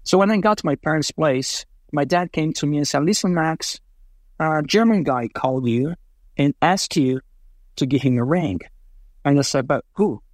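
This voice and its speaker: A man from Brazil, an interview guest telling casual, animated stories with many fillers and acted-out quotes. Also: on the high side, moderate pace, dry recording, clean studio sound. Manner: animated, acts out quoted voices, frequent fillers. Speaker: interview guest, racing driver. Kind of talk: casual storytelling.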